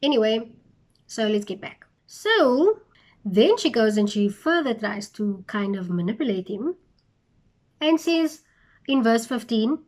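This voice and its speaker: A woman's voice: on the high side, big pitch swings, a little slow. A young woman retelling a Bible story for her channel, with chatty, incredulous asides.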